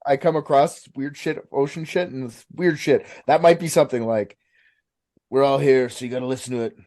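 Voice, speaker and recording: Podcast co-host, mid-pitched voice, joking offhand chat. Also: fairly quick, darkish tone. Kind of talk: casual chat.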